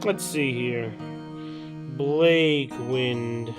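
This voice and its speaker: A man streams a game and chats casually with his viewers while game music plays behind him. He has a medium-pitched voice and draws out his words, rambling and often repeating himself in this easygoing let's-play talk.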